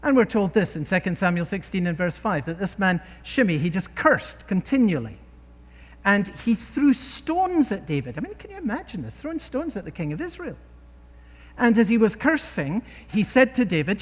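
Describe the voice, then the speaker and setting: A man's voice: high-pitched, very animated, moderate pace, big-room sound. A man preaching a sermon in an emphatic way, often asking his listeners rhetorical questions.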